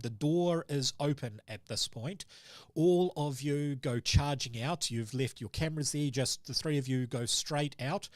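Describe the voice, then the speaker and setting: A man's voice: mid-range voice, no echo, clean studio sound. A man as game master, narrating a tabletop horror game in a loose, rambling way, full of ums and sort-ofs.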